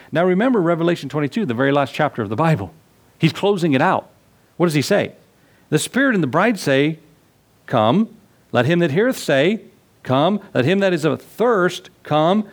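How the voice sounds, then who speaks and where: A male pastor teaching a sermon, reading scripture aloud and rising in pitch to stress his points. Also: animated, fairly quick.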